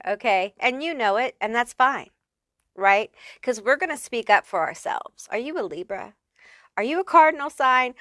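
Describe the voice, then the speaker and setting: A woman's voice: on the high side, sharp tone, clean tone, no echo, studio quality. A woman giving a casual pick-a-card tarot reading, chatty and reassuring, who swears freely and keeps checking in with "okay?" and "honey.". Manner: reassuring, affirming. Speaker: tarot reader.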